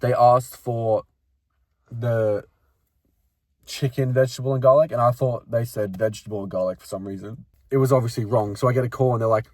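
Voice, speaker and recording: A man's voice: mid-range voice, fairly even intonation, fairly quick, a little mellow, no echo. A young man telling his own workplace stories in casual chat, laughing often and chiming in with wisecracks. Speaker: co-host.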